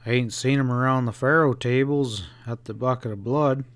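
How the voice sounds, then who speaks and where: A man's voice: mid-range voice, steady tone, moderate pace, natural voice. A man voicing a shrewd, folksy male Western sheriff in an audiobook, talking in drawled frontier slang. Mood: probing. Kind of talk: audiobook character reading.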